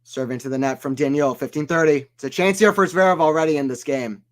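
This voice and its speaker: Man with an American accent, casual play-by-play tennis commentary, chatty and off topic, a bit high-pitched. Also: quick pace. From American South. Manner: chatty, reads chat aloud and drifts off topic. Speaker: stream commentator.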